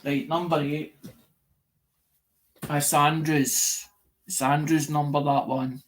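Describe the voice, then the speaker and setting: A man's voice: on the high side, little pitch movement, slow. A man hosting a livestream, talking in a rambling, repetitive way, swearing often and losing track of his words. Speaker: livestream host. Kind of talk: rambling casual livestream chat.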